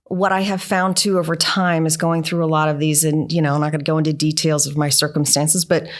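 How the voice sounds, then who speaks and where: Middle-aged woman, low-pitched, engineering leader sharing earnest workplace anecdotes with lots of "right?" tags. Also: little pitch movement, brisk. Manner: earnest, often ends points with "right?". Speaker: NASA engineering leader, interview guest. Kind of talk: conversational storytelling.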